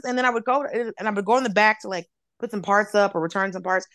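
Profane animated woman from Atlanta. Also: medium pitch, fast, no echo. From Atlanta, United States. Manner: animated, profane, acts out voices of others. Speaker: comedian guest. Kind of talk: casual storytelling.

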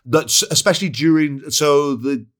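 A man's voice: fairly high pitch, measured pace, fairly bright tone. A man hosting a comedy podcast, bantering, laughing and steering the talk. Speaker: podcast host.

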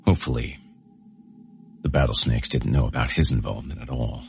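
A man's voice: extremely low pitch, a little fast, vocal fry, a little hiss or hum. A man, host and narrator, reading a horror novel aloud in a gritty, menacing first-person voice.

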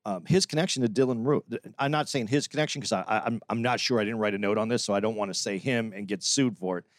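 A man's voice: on the low side, fast talker, no room sound, clean studio sound. A man co-hosting a podcast, giving long opinionated points in casual chat with frequent restarts. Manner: opinionated, talks at length with restarts. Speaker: podcast co-host.

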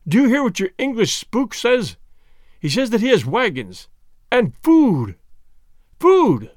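A man voicing a starving, half-mad frontier man who shouts with wild laughter in a storybook reading. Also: sits high, sing-song, moderate pace, no echo, studio quality. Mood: frantic.

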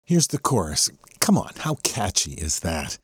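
A man's voice: low-pitched, huge pitch swings, unhurried, loud music behind the voice. A man hosting a track breakdown, explaining a rock song's parts with enthusiasm and a teacherly manner. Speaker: host breaking down a rock song. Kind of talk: explanatory music commentary. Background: the song playing underneath.

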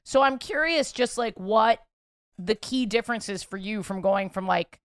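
A woman's voice: medium pitch, normal speed, clean tone, no echo, studio quality. A woman hosting a podcast, curious and playful, asking questions in loose, casual chat. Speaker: podcast host.

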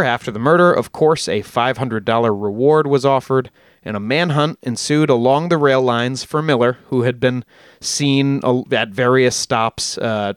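A man's voice: mid-range voice, clear, resonant tone, dry recording, studio quality. A man hosting a podcast, telling a story in a casual, rambling way with jokey asides and frequent self-corrections. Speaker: podcast host.

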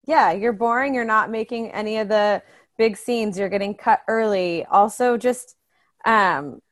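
A woman's voice: medium pitch, measured pace. Chatty woman co-hosting a podcast. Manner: chatty, quotes people, laughs easily. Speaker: podcast co-host. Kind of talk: casual chat.

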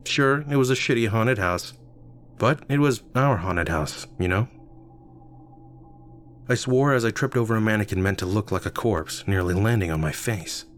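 A man's voice: lowish voice, animated, moderate pace, slight background noise. A man narrating a first-person story in a casual, wry way.

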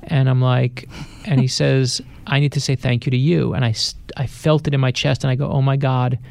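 Gravelly-voiced man telling a story. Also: medium pitch, level tone, moderate pace, darkish tone, dry recording. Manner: tells anecdotes acting out quoted voices. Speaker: best-selling author, interview guest. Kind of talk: animated storytelling. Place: radio studio.

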